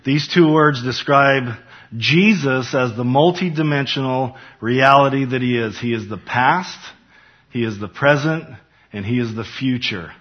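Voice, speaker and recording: A man's voice: mid-range voice, measured pace, muffled recording. A man preaching a Bible study, building emphasis as he reads scripture aloud. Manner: emphatic, rising for scripture quotes. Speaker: pastor.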